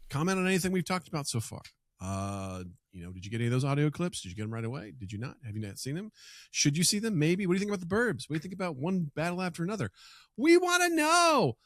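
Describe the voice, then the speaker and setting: A man in his thirties co-hosting a casual podcast, animated, laughing and swearing as he chats. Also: fairly high pitch, very fast, no room sound, clean studio sound. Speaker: podcast co-host.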